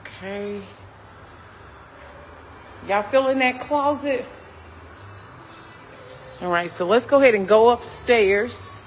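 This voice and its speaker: Woman realtor, home tour vlog, chatty and exclamatory, slow delivery, reverberant empty house, faint background noise. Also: a little high. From Texas. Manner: chatty, exclaims often, addresses viewers as y'all. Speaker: realtor touring a model home. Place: empty house under construction, indoors.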